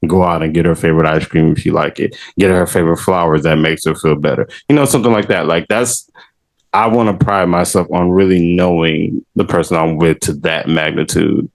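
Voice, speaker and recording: A man with a very low voice chatting on a podcast, laid-back and full of jokes, laughing easily and dropping casual slang. His tone stays relaxed and easygoing. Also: fairly quick, vocal fry, low-quality recording. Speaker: podcast host.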